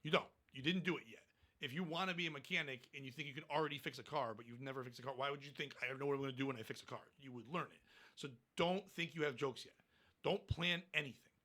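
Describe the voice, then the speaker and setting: A man's voice: on the high side, fast, bright, forceful tone. A man, a stand-up comedian, talking bluntly and profanely in a casual podcast interview.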